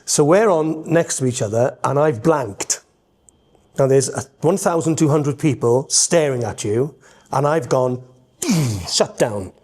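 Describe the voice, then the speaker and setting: A middle-aged Welsh man and entertainer, telling rambling, animated stories in a podcast conversation, full of restarts. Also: medium pitch, measured pace. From Wales.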